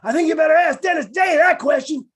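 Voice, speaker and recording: A man impersonating a sassy comic butler from old-time radio with a raspy voice. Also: extremely high pitch, quick pace, a bit bright, voice pushed up.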